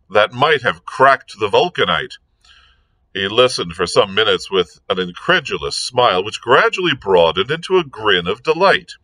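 Expressive male librarian reading aloud. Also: on the low side, moderate pace, no room sound. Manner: expressive storytelling narration. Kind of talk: read-aloud of a novel.

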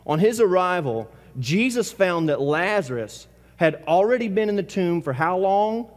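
A man's voice: high-pitched, sing-song, normal speed, big-room sound. A man preaching a sermon as pastor, talking casually and asking the congregation questions. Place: church sanctuary.

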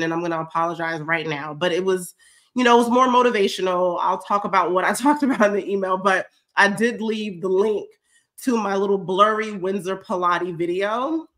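A woman's voice: medium pitch, moderate pace, a bit bright. A woman, a little stuffy from a cold, chatting effusively as she hosts a fitness check-in livestream and answers viewers' comments. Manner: chatty, effusive, says y'all often. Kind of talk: casual livestream chat reading comments.

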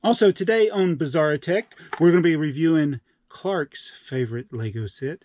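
A man's voice: a little high, moderate pace, hardly any pauses, darkish tone, dry recording. A man hosting a toy-collecting channel, reading comments with exaggerated mock emotion. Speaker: channel host.

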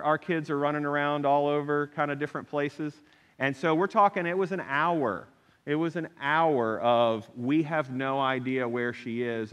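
A middle-aged male pastor delivers a sermon as a lively personal story, voicing the people in it as he goes. His voice sits in an ordinary middle pitch. It rings out in a church sanctuary with a long reverb tail. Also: clean tone. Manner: animated storytelling, acts out the people he quotes.

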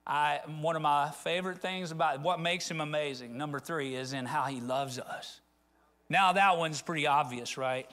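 A man's voice: fairly high pitch, moderate pace, fairly bright tone. A middle-aged man from rural Arkansas, preaching a conversational sermon that rises into fervent appeals. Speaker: pastor.

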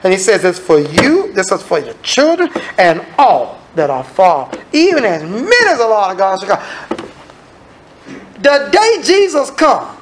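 In a church sanctuary, a man preaches an evening sermon with animation, performing the voices of those he quotes. His voice is high-pitched and a little slow, and the background is noisy.

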